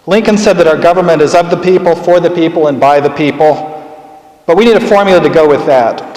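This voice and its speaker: A man's voice: a little high, darkish tone, roomy sound, in a large hall, poor audio. A man, a political candidate, giving earnest documentary narration and commentary with dry humor.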